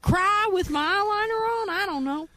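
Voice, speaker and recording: A woman's voice: very high voice, sharp tone. A woman who is a guest comedian, bantering and teasing on a radio call-in show. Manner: quick-witted, teasing.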